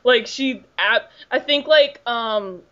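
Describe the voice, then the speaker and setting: A slightly high-voiced woman hosts a podcast, chatting loosely and swearing now and then. She leans on fillers like "like", and the audio is dull and lo-fi. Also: slow pace, bright, forceful tone. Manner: chatty, profane, filler-heavy with "like". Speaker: podcast host. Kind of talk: casual chat.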